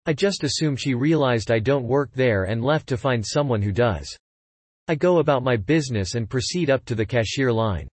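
A man narrating a written story in an even, matter-of-fact way. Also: medium pitch, dry recording.

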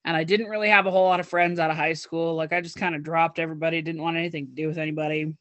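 A man from Utah talking in a casual chat, rambling and relaxed with fillers. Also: fairly high pitch, racing, no echo.

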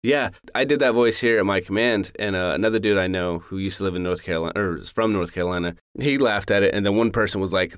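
A man's voice: low voice, fast, hardly any pauses, clear, resonant tone, dry recording, studio quality. A man co-hosting a podcast in casual chat, laid-back and profane, laughing often. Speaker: podcast co-host, voice actor.

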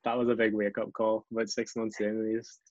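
A man with a Northern Irish accent chatting casually as a guest, relaxed and self-deprecating, often restarting his sentences. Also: on the low side, fairly quick, dry recording. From Northern Ireland. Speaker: guest, English teacher abroad. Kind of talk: casual chat. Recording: dull lo-fi recording, dry.

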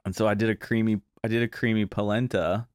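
A man's voice: lowish voice, level tone, quick pace, no room sound. A man hosting a podcast, telling loose, profane kitchen stories with plenty of fillers. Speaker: podcast host, chef. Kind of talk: casual chat.

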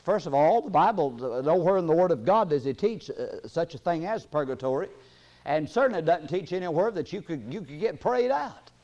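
A man preaching a sermon, reading scripture in a slow cadence and rising to loud emphatic peaks before dropping low and soft. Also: lively intonation, highs cut off.

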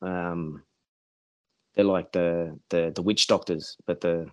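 A man's voice: deep voice, steady tone, slow, a little mellow. Swearing guy telling a story. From Australia. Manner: rambling, heavy swearing, acts out quotes. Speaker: podcast guest. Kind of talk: casual storytelling chat.

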